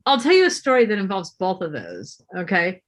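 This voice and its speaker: A middle-aged woman guest speaker telling a story to an audience, lively and asking them questions along the way. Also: medium pitch, brisk.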